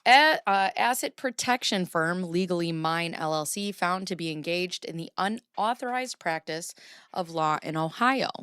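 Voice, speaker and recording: A woman with a lowish, smooth voice rambles through stories and reads news on a live reaction stream, swearing freely and laughing often. The sound is close and dry, with no room echo at all. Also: expressive, moderate pace, a bit bright. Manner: chatty and profane, laughs often, rambling storytelling. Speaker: live-streaming commentary host. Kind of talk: casual live reaction chat.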